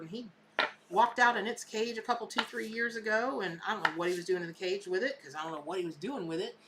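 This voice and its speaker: A woman's voice: fairly low pitch, sharp tone, a little hiss or hum. A woman, hosting a live tarot reading in a chatty, emphatic way. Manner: chatty and emphatic, repeats words for effect. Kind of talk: casual live psychic reading.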